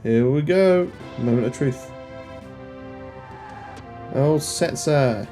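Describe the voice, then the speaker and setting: Young male let's-play host, mellow and warm tone, rambling self-deprecating jokes, faint game music underneath. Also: medium pitch, extremely slow. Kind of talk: casual gameplay commentary.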